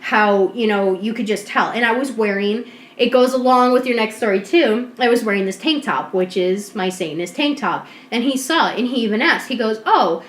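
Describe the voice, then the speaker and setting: A woman co-hosting a podcast, telling a story in casual chat, animated and swearing, acting out what people said. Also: a little high, normal speed. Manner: animated, swearing, acts out quotes. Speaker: podcast co-host. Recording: roomy echo.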